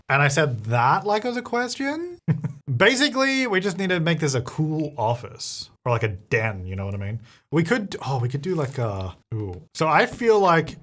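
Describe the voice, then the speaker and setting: Young man, casual game commentary, thinks aloud, self-correcting, mid-pitched voice. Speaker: game builder vlogger. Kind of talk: casual play-along commentary.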